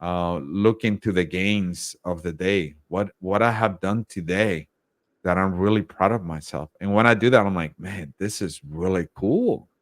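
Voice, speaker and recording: A lowish male voice, upbeat and chatty, often acting out his own thoughts as little quotes. He talks like a leadership coach in a relaxed interview, recorded dry and close. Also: normal speed, no room sound. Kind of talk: casual interview talk.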